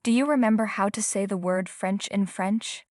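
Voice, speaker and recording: A woman calmly asks lesson questions and explains a rule in an even, instructional manner. Her voice sits in a middle range, and the sound is dry, with no reverb. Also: medium pitch, moderate pace. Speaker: language teacher. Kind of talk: scripted lesson prompts and explanation.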